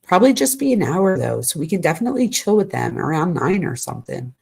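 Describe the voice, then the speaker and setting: A woman's voice: lowish voice, sing-song, quick pace, gravelly, darkish tone, breathy edge. A woman commentator reading text messages aloud, breaking in with exasperated asides. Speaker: true crime commentator.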